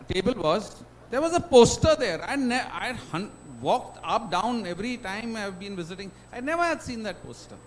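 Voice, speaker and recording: A middle-aged man with an Indian English accent giving an emotional personal testimony as a guest speaker, with dramatic swings in loudness. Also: high-pitched, a little hiss or hum, low-quality recording. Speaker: guest speaker at a student induction.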